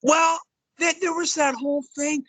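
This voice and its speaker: A man in casual podcast chat, animated, laughing along and stammering when excited. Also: extremely high pitch, normal speed, dry recording.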